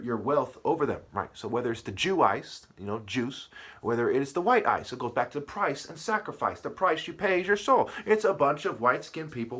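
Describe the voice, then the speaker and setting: A man talks alone at his desk in a husky, slightly rough voice. His pitch sits in the ordinary middle range. He rants with heat and profanity, repeating phrases and chaining sound-alike words. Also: a bit bright. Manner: profane, heated, repeats himself, plays on word sounds. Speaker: vlogger. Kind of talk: ranting monologue.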